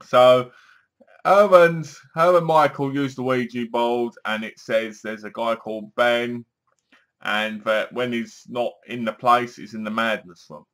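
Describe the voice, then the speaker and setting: A man's voice: medium pitch, level tone, measured pace, fairly bright tone. A man giving a casual spoken review of a TV episode, acting out the scenes as he retells them. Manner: chatty, acts out scenes with sighs and gasps.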